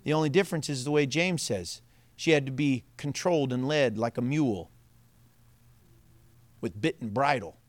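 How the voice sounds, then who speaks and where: A man's voice: medium pitch, moderate pace, pauses often, no room sound. A man preaching a sermon as pastor, telling stories animatedly and laughing often.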